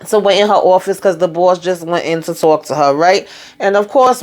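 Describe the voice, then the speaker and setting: A woman hosting a casual TV recap, chatting loosely through the scenes and acting out the characters' lines as she retells them. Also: lowish voice. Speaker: TV show recap host.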